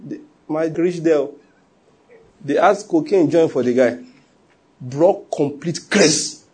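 A middle-aged man preaching a sermon, telling stories with animated quoted voices and frequent laughs. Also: a little high, slow pace, slightly rough. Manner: animated storytelling, laughs often, acts out quotes. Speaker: pastor.

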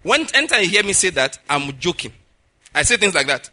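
A man's voice: sits high, very animated, a little fast, bright, forceful tone. A man preaching a sermon as a pastor, emphatic, often checking in with the listeners with asides. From Nigeria.

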